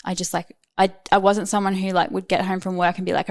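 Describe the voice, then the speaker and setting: A woman's voice: medium pitch, level tone, fast, no room sound. A woman around thirty, talking candidly as a podcast guest in a casual chat, full of "like" and "um". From Australia. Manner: candid, chatty, frequent "like" and "um".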